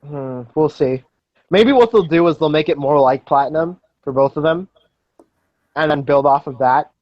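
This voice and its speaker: A man's voice: fairly high pitch, moderate pace, dry recording, highs cut off. Joking young man on a dry call. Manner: joking, sarcastic and rambling. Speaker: podcast host. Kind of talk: casual group chat over a voice call.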